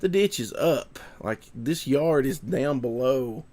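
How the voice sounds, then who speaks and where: A man's voice: medium pitch, animated, takes it slowly, a little mellow. A young man telling a story to camera, rambling and repeating himself and sounding shaken. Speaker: vlogger.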